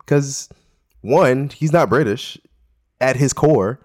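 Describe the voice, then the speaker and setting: A man's voice: mid-range voice, takes it slowly, darkish tone. A man co-hosting a podcast, thinking aloud in a casual, easygoing way and often repeating words. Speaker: podcast co-host. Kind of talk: casual discussion of a TV episode.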